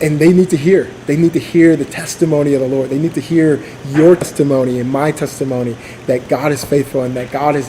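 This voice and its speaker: A man's voice: fairly high pitch, dark tone, a little hiss or hum, low-quality recording. A man giving an informal sermon at church, speaking casually with many fillers, restarts and asides. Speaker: church leader.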